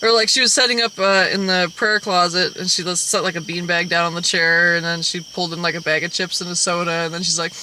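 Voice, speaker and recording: A woman's voice: fairly low pitch, steady tone, quick pace, few pauses, bright, forceful tone, a little hiss or hum. A woman co-hosting a casual movie review, talking in a blunt, profane, exasperated way. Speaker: co-host.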